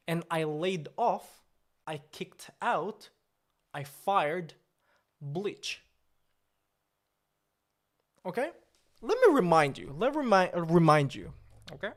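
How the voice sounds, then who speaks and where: A man's voice: on the high side, expressive, slow pace, long pauses. A man playing a pompous boastful CEO. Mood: indignant. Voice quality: indignant, repetitive, grandiose. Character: pompous boastful male CEO boss, easily offended. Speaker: livestreamer. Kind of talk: comedic in-character livestream.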